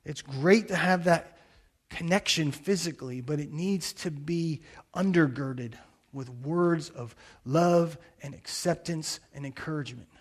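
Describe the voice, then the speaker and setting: A man's voice: fairly high pitch, measured pace. A middle-aged man preaching a sermon, earnest and telling a personal story as a pastor. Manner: earnest storytelling with quoted blessings.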